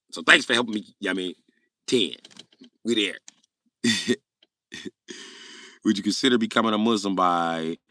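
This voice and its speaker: A man hosting a casual livestream rant, answering chat comments loudly, swearing and joking. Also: low-pitched. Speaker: livestream host.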